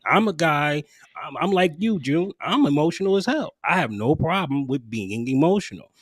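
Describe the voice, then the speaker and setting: A man's voice: a little high, lively intonation, normal speed, husky, dry recording, studio quality. A man hosting a casual podcast panel, talking emphatically and repeating phrases for effect. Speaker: podcast host. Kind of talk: casual group discussion.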